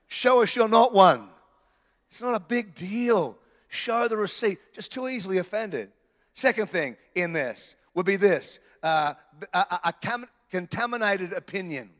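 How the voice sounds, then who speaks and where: Taking his time, an Australian preacher with an unusually high male voice gives a sermon that feels animated and chatty, sprinkled with jokes on the side. The large church hall lends his speech a lengthy, ringing echo.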